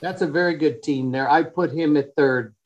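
A man's voice: on the high side, moderate pace, highs cut off. A middle-aged man hosting a joking casual panel chat, teasing the others and often restarting his sentences.

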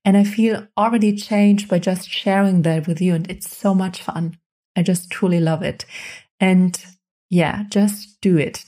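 A woman hosts a podcast, speaking directly to the listener through a studio microphone with motivational self-help advice that's encouraging and repetitive. Her voice is on the low side with a darkish tone.

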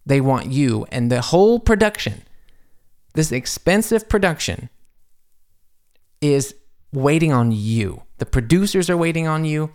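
A man hosting a podcast, telling an embarrassing story in a casual, animated, self-deprecating way with many restarts. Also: on the high side. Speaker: podcast host. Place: home studio.

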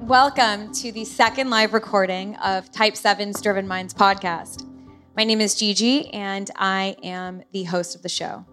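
A woman hosting a podcast while sick and hoarse, telling a personal story openly from the stage. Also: mid-range voice, steady tone, unhurried, over music. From United States. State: lost voice, sick. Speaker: podcast host. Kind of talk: podcast intro and live stage talk.

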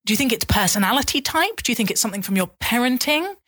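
A woman's voice: on the high side, big pitch swings, fast talker, fairly bright tone, no echo. A woman hosting an interview, asking probing, candid questions. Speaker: podcast host and interviewer. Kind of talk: interview conversation.

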